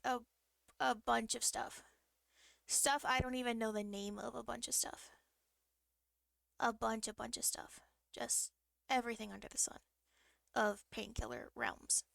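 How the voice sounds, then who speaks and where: Gravelly-voiced woman streamer rambling through a story. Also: fairly high pitch, fairly bright tone, no echo, clean studio sound. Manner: rambling, full of fillers and restarts; emotional, vivid retelling. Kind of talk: casual storytelling.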